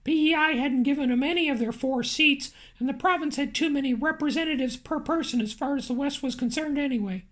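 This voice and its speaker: Brief: high-pitched woman, audiobook narrator, dry and wry delivery. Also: brisk, hardly any pauses.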